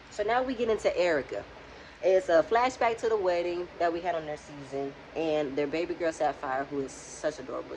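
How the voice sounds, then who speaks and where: Low-voiced woman chatting over background hum. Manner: chatty, talks back to the people on screen. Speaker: vlogger recapping a reality show. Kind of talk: casual reaction commentary.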